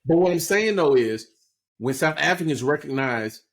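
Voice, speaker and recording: A man's voice: a little high, animated, moderate pace, vocal fry. A man co-hosting a podcast, talking through current events in a casual explanatory way and often checking in with "right?". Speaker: podcast co-host. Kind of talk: casual political chat.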